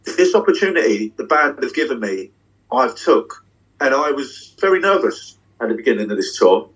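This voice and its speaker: A husky man with a middle-pitched voice, talking with swagger and freely dropped swear words. He speaks a little back from the mic in a backstage dressing room, excited and open about his stage life. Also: moderate pace, recorded from a distance, low-quality recording. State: getting emotional. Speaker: magician and tour guest. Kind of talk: candid casual interview.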